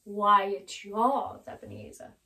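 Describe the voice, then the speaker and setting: A woman voicing a grim, solemn male ghost with a slow, ominous delivery. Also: mid-range voice, sing-song, sharp tone, far from the mic, full character voice, low-quality recording. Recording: voice a little off-mic.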